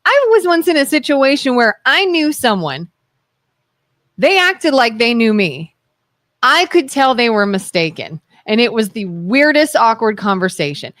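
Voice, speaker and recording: A woman co-hosting a radio talk show, telling stories in an animated way and acting out the voices of the people in them. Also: a little high, measured pace, dry recording, clean studio sound. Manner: animated storyteller, acts out voices.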